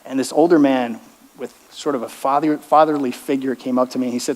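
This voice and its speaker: A man's voice: medium pitch, steady tone, fairly quick, noisy background. Earnest man telling his testimony, hall echo. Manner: earnest storytelling, acting out quoted dialogue. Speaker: fitness coach sharing his testimony. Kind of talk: personal testimony told to a church audience. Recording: long hall reverb.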